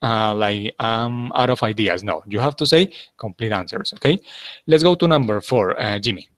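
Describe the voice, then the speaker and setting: A man's voice: fairly low pitch, normal speed, no echo. A man teaching an English class, patiently repeating his instructions and checking in with his students.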